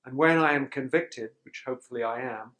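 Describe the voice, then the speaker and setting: A man giving a conference talk to pastors in a sermon tone, measured and reflective, often pausing to clear his throat. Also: mid-range voice, fairly bright tone, rough recording. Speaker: speaker teaching pastors on forgiveness.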